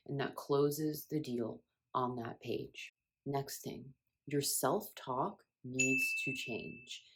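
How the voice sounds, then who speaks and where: A woman talking casually as a self-help coach, earnest and repeating phrases for emphasis. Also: extremely low pitch. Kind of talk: casual spiritual coaching talk.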